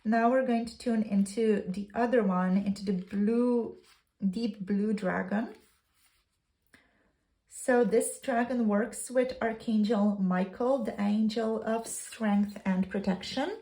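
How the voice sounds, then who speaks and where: A woman giving a tarot reading, calmly reading from a card booklet in a soothing spiritual way. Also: on the high side, takes it slowly. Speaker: tarot reader.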